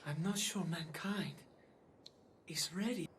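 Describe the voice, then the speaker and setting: Fearful young alchemist in an anime dub, hushed and unhurried, faint noise behind,. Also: male voice, high voice. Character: hesitant young male alchemist, fearful, devoted.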